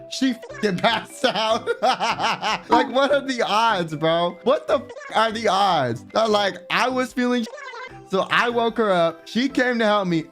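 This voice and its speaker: A man telling personal stories in a casual, animated, slangy way, swearing freely. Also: high voice. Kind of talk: casual storytime.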